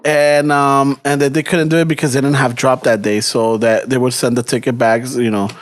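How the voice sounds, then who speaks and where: A man's voice: mid-range voice, moderate pace. A man with a Chicano English accent telling a story in a casual podcast chat, acting out quoted exchanges and swearing freely. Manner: animated storyteller, acts out quoted exchanges, swears freely, mixes Spanish slang. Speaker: podcast co-host.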